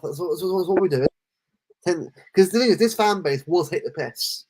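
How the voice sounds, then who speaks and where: A man co-hosting a casual football podcast, talking in animated rants full of restarts. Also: sits high, a little fast. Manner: animated, ranting, lots of restarts. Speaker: podcast co-host.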